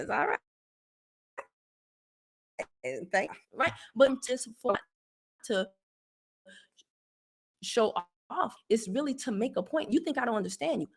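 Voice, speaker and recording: A woman's voice: a little high, lively intonation, moderate pace, pauses often, sharp tone. A woman with a Southern American accent, a credit tips host talking casually and preachily as she answers a viewer, laughing as she goes. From Southern United States.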